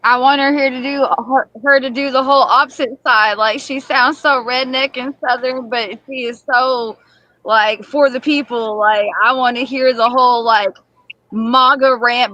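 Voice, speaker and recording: A woman's voice: on the high side, moderate pace, bright, forceful tone, no room sound, highs cut off. A woman on a comedy game show panel, rambling casually with lots of "like" fillers. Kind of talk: casual chat.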